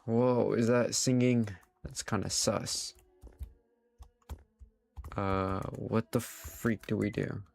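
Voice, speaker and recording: Low gravelly guy streaming a game, reading stuff out and talking to chat. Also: steady tone, takes it slowly, pauses often, a little mellow. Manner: reads game text aloud, talks to chat. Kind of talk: live gameplay commentary.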